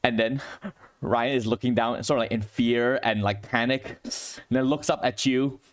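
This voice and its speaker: A man at mid pitch narrating a tabletop role-play as game master. He talks in a loose, vivid way, peppered with "sort of, like.". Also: steady tone, moderate pace.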